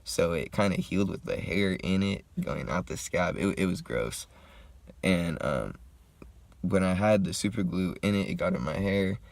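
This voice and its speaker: A young man telling a story in a laid-back, slangy, profane way while getting high and smoking. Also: lively intonation, normal speed, creaky, no echo. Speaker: vlogger. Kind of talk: casual storytime.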